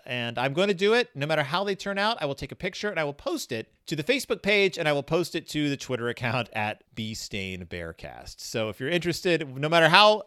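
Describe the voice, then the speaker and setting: A man's voice: medium pitch, fairly bright tone, dry recording, studio quality. A man hosting a podcast in casual chat, rambling and self-deprecating, with many fillers and restarts. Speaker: podcast host.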